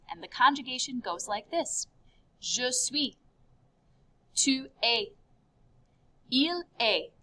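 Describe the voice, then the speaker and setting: A woman teaching a beginner French class in an upbeat video lesson, spelling out each form with clear, careful enunciation. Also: a little high, fairly bright tone.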